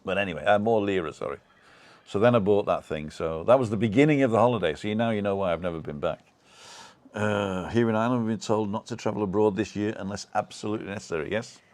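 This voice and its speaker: Man from the UK, very low voice, rambling live-stream chat, lots of ums and restarts. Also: quick pace, darkish tone. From United Kingdom. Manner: rambling, chatty, with many fillers and restarts. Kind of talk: casual live-stream chat reading comments.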